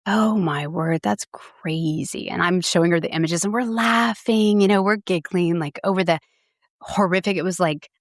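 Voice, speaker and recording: Middle-aged woman guest, animated storyteller, quick laughs, dry close sound. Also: fairly low pitch, dry recording. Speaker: registered dietitian guest. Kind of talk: podcast interview conversation.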